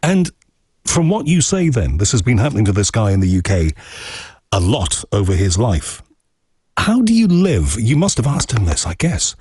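A man hosting an interview asks long, probing, skeptical questions. His husky voice moves lively up and down in pitch. The sound is dry and close. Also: normal speed, no echo. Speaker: interview host. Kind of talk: conversational interview.

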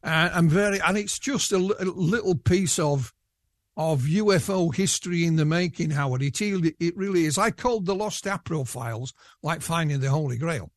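Yorkshire-accented male guest, fairly high, rambling and dry. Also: normal speed, no room sound. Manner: rambling, with many restarts. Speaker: guest researcher. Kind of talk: casual interview chat.

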